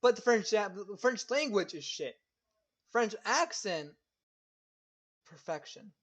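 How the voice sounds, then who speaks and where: A man's voice: sits high, very animated, slow, fairly bright tone. A man co-hosting a casual streamed talk show, chatting loosely and often stammering and repeating words. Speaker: co-host.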